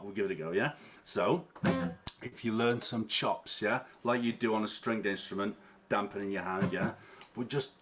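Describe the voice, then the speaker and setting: A man teaching harmonica in an online workshop, chatty and relaxed, checking in with the class with a frequent "yeah?" as he explains. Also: on the low side, slight background noise. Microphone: online stream with latency. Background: guitar playing.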